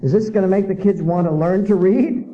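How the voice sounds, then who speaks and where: A man's voice: high voice, brisk, warm tone, muffled recording. A man giving a public lecture as an author, indignant and full of rhetorical questions.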